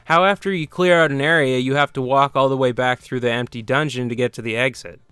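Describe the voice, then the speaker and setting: A man reads scripted, sarcastic game commentary in a smooth, clear voice that keeps breaking into profane rants. His voice is dry and close to the mic, with faint music underneath. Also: mid-range voice, fairly even intonation, quick pace, fairly bright tone, dry recording. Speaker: gaming video host.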